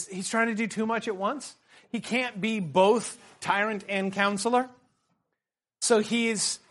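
A man teaching a literature seminar, animated and calling on students by name. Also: high voice. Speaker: teacher leading a literature discussion. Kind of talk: seminar discussion.

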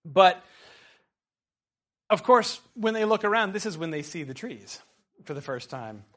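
Brief: middle-aged male instructor, high-pitched voice, animated and enthusiastic while leading class discussion. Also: measured pace. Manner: animated, quoting passages with excitement.

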